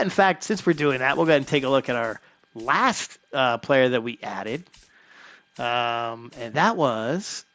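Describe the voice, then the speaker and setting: A man's voice: mid-range voice, a bit bright, no room sound. A man hosting a live stream of a baseball franchise game, talking loosely with lots of fillers and little chuckles. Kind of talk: casual live-stream commentary.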